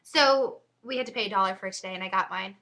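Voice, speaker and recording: Bright, chatty teenage girl on webcam. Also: medium pitch, fast talker. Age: teens. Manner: chatty and giggly, full of asides. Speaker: vlogger. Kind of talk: casual webcam chat. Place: home.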